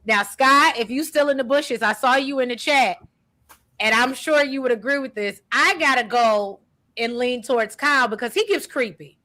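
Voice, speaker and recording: A woman hosts a casual recap chat and reads viewer comments aloud. Her voice is bright and a little high. She talks in an animated, slangy way. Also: normal speed. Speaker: podcast host reading comments.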